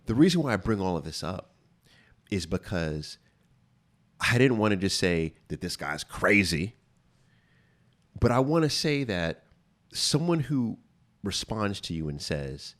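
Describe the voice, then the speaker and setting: A man's voice: deep voice, very animated, a little slow, pauses often. A man hosting a podcast, giving casual advice in an emphatic way and repeating key phrases for stress. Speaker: podcast host. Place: studio.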